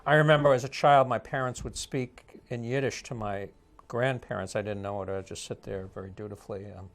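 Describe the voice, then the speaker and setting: Gravelly-voiced male interviewer. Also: medium pitch, fairly even intonation, brisk. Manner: rambling, hesitant questions with fillers. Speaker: interviewer host. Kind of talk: casual interview conversation.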